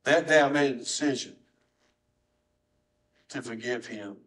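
A middle-aged man, preaching a sermon as pastor in a church, swinging from soft, low tones to high, strained cries. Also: unhurried, poor audio. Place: church sanctuary.

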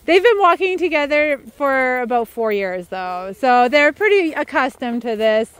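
A woman out on a trail with a big group of dogs, chatting casually to the camera. Her voice sits high and swoops all over as she switches into a sing-song tone to praise and call the pack. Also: lively intonation, a little slow, a bit bright, smooth, dry recording. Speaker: dog walker. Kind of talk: casual vlog narration while walking dogs. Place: outdoors on a trail near a river.

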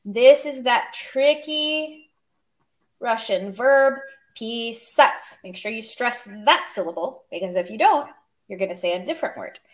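A woman's voice: fairly high pitch, expressive, measured pace. A woman explaining grammar in a casual online lesson, chatty and joking as she goes. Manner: chatty, explains with humor and asides. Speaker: language teacher.

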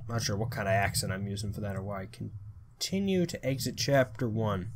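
Dude playing a spooky game, lots of what?? and swearing, pitchy animated voice, faint hiss in the background. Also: male voice, brisk. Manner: confused, rambling, swears often. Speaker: let's play gamer. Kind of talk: horror game commentary.

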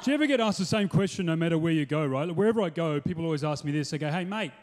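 A man's voice: fairly high pitch, expressive, very fast, a little mellow. A man doing a punchy, playful stand-up routine on stage before a live audience. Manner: punchy, playful, slips into mock voices and accents. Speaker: stand-up comedian. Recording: noisy hall with long reverb.

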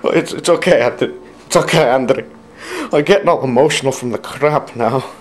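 A man's voice: mid-range voice, moderate pace, slight background noise, close to an everyday voice. A man playing a crude, hot-tempered fat father in an amateur comedy sketch, swinging between bellowing outbursts and mock-tender talk.

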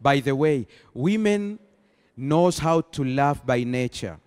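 A man preaching a sermon as pastor, rising into emphatic bursts and slowing to stress key phrases. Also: medium pitch, lively intonation, darkish tone, clear, resonant tone. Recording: long hall reverb.

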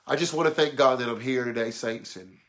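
A man acting out a shy churchgoer giving a quiet, dry testimony in a low tone. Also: a little fast, natural voice. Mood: subdued.

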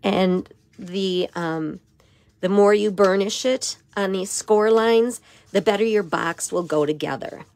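A hoarse woman with a raspy voice giving a step-by-step papercraft tutorial in her craft studio. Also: mid-range voice, slow, a little mellow. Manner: step-by-step instruction with frequent okays. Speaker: papercraft demonstrator.

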